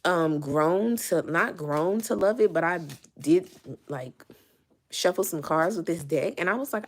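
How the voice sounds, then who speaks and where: A young woman with a low voice talks through a tarot reading in a loose, chatty way. She fills gaps with ums and checks in with "okay?" as she goes, and sounds a little out of breath. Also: lively intonation, moderate pace. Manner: chatty, many ums and okays. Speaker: tarot reader. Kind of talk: casual tarot reading to camera.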